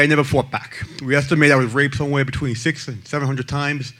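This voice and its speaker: A man speaks in blunt, emphatic personal testimony. His voice sits at an ordinary middle pitch. He pushes some lines out loudly and drops others to a near hush. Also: steady tone, fast. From the Bronx, New York. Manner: blunt and emphatic, swinging between loud and hushed. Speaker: abuse survivor and advocate speaker.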